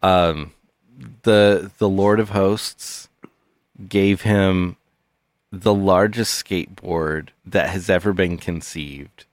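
A man co-hosting a comedy podcast, joking with mock solemnity in a deadpan manner. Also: low voice, slow pace, dry recording, clean studio sound. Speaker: podcast co-host. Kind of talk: casual comedic chat.

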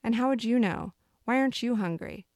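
A woman's voice: a little high, fairly quick, darkish tone, dry recording, clean studio sound, voice pushed up, lightly acted. A woman voicing a hungry, lonely male bear who pleads and accuses, in a storybook reading. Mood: pleading, accusing. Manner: insistent, growling.

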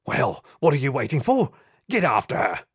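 A man voicing an impatient bulldog chief inspector who blusters and shouts. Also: a little high, very animated, normal speed, slightly rough, no room sound, studio quality, full character voice. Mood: shouting.

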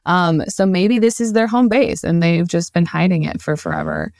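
A woman's voice: lowish voice, moderate pace, darkish tone, no echo, clean studio sound. A woman co-hosting a casual podcast, joking in a playful way and often repeating her words as she starts. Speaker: podcast co-host.

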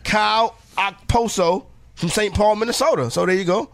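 A man's voice: sits high, moderate pace, vocal fry, a bit bright, no echo. A man hosting a radio show, chatting casually and joking as he stumbles through a list of names. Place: radio studio.

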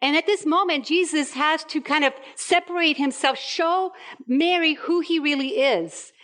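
A Puerto Rican woman in her fifties preaches a sermon, animatedly acting out little scenes with quoted voices. She has a high voice and speaks at normal speed.

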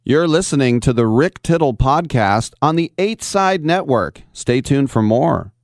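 A man hosting a sports radio podcast, making brief affirmations and a smooth sign-off. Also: mid-range voice, animated, a little slow, no room sound. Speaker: podcast host. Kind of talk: radio interview.

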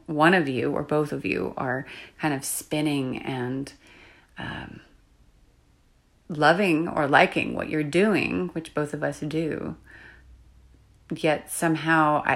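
Low-voiced woman coach with vocal fry, soft and confiding monologue. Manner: soft-spoken, confiding, drifts into whispers. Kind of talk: reflective solo podcast monologue.

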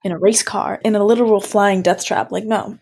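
A woman's voice: mid-range voice, fairly even intonation, a little fast, darkish tone, husky. A teenage woman being interviewed, talking casually and frankly. She is emphatic, full of fillers, and sounds plainly young. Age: teens. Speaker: interview guest.

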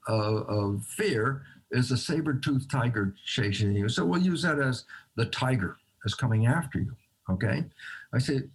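A man's voice: mid-range voice, slightly rough. A man, a guest scientist in a conversational interview, explaining by acting out both sides of a dialogue and chuckling between phrases.

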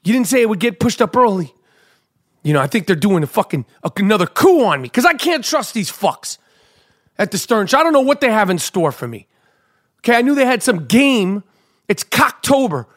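A middle-aged man from a radio show telling a frantic, profanity-laced story and acting out his own panicked shouts. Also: high-pitched, sing-song, brisk. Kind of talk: animated storytelling rant. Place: New York.

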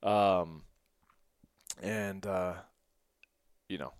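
Smooth low-voiced man telling a story. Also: fairly even intonation, very slow, dry recording. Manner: rambling, many "like" fillers and restarts; earnest and emotional. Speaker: podcast host. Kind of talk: personal storytelling.

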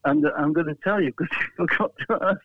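A man's voice: on the high side, fast. An English man, a flag maker, chatting casually in an interview and telling rambling stories with many restarts and chuckles. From England. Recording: tinny phone line.

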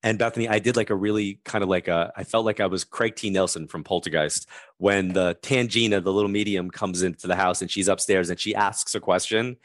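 A man's voice: low-pitched, steady tone, fairly quick, no echo, clean studio sound. A man in his fifties, a guest telling a story in conversation and acting out the voices of the people in it.

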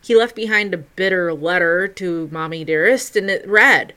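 A woman hosting a video, narrating film trivia in a chatty, expressive way with loud bursts for emphasis. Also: lowish voice, moderate pace, hardly any pauses, smooth. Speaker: video host.

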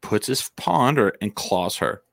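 Animated man telling profane stories. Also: lowish voice, unhurried, gravelly, dry recording, clean studio sound. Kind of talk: casual chat.

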